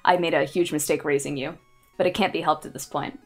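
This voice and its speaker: A woman putting on a prim, fretful middle-aged mother who is quietly scandalized, speaking softly and lower than her own voice. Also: fairly even intonation, brisk, soft background music.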